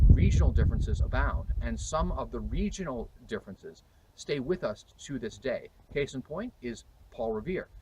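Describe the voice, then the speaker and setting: A man's voice: mid-range voice, husky, rough recording. American man explaining history outdoors. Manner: emphatic, explanatory, sometimes hesitant.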